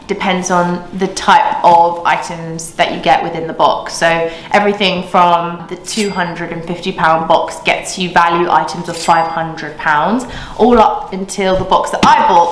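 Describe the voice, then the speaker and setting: A woman's voice: medium pitch, slight background noise. Chatty young woman in an echoey room. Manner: chatty, excitable, candid opinions. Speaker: unboxing vlogger. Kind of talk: casual chat to camera.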